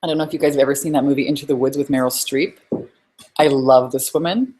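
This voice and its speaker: A woman's voice: a bass voice, fairly even intonation, fast, dark tone. A woman business coach hosting a live webinar, effusive and upbeat, chatting with her audience as she teaches.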